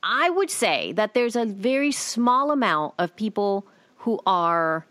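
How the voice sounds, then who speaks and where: A woman's voice: mid-range voice, very animated, slow, a bit bright, no echo, studio quality. A woman co-hosting a podcast, reading listener mail and chatting with hesitant restarts. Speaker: podcast co-host. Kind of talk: casual chat.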